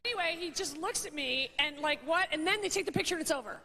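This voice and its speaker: A woman in her thirties rambling through a funny anecdote in an animated, chatty way, full of "like" and "you know", laughing at her own story. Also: extremely high pitch, fast, creaky, slight background noise. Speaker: comedian and talk show host. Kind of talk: comedic storytelling monologue.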